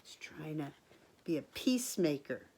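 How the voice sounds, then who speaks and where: A woman teacher reading a picture book aloud to children, expressive, gasping and asking the listener questions. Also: low voice, moderate pace, husky.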